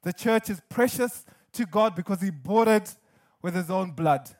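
High-pitched male pastor, earnest and emphatic preacher, sermon delivery with touches of humor. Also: animated, normal speed, darkish tone.

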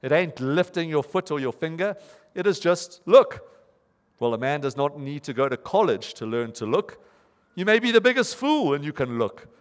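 A man's voice: on the high side, lively intonation, normal speed, natural voice. Guy reading out a simple earnest lay preacher, punchy on key words, echoey hall. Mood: emphatic. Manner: emphatic, lifts voice on key words. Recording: reverberant hall.

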